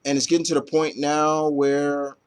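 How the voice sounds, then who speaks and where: A man's voice: a little high, little pitch movement, moderate pace, clean tone. A man reviewing comic books in a loose, rambling chat full of fillers and casual swearing.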